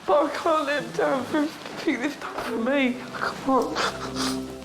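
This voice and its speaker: A high-pitched woman giving a documentary interview about a relative in hospital. She talks bluntly and emotionally, swearing now and then, with clear music playing under her voice. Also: steady tone, measured pace, poor audio. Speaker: patient's relative.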